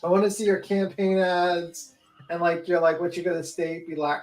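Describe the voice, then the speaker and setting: A man's voice: high voice, steady tone, normal speed, poor audio. A man joking and mocking in a casual live panel chat, laughing often.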